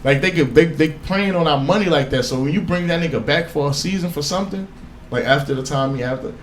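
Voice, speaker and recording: A man co-hosting a casual podcast chat, talking in an animated, insistent way and swearing freely. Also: a little high, quick pace, a little hiss or hum. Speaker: podcast co-host. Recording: echoey room with faint ambience.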